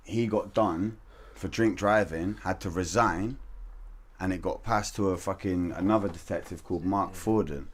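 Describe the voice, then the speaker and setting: A man's voice: deep voice, moderate pace, breathy edge. A man guesting on a podcast, telling stories in a laid-back, slangy way, swearing and trailing off mid-sentence. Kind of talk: casual chat.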